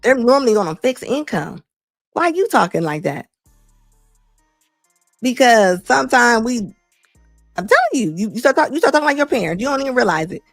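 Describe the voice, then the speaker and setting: A middle-aged woman hosting a talk show, giving blunt, animated opinion commentary and laughing often. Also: on the high side, fairly quick, pauses often, dry recording, studio quality, faint music behind. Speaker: host.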